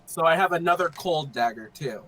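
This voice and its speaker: A man's voice: on the high side, lively intonation, brisk, crowd noise, rough recording. A man playing in a tabletop role-playing game, talking casually and joking, with hesitant fillers. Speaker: player.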